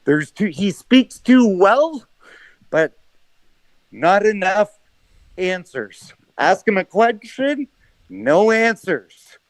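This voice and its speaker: A man's voice: high voice, very animated, extremely slow, pauses often, dry recording. A man calling in to a hockey postgame show, ranting casually and swearing heavily on a phone or headset mic at home. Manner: heavily profane, rambling. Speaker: call-in caller. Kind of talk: rambling casual rant. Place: small room at home.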